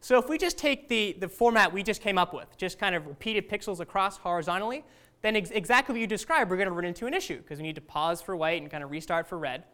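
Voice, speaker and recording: A woman's voice: fairly low pitch, fast, a bit bright. A woman teaching a class in a casual, conversational lecture, often asking the students questions.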